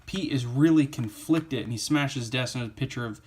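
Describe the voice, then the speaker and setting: Man, casual comic book review, rambling delivery, filler-heavy, mid-pitched voice. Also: normal speed, a little mellow.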